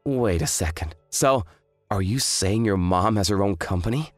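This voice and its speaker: A man's voice: fairly low pitch, moderate pace, no echo, faint music behind, natural voice. A man voicing an arrogant, hungover young fiancé who talks in a smug, dismissive drawl. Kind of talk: dramatized story voice acting.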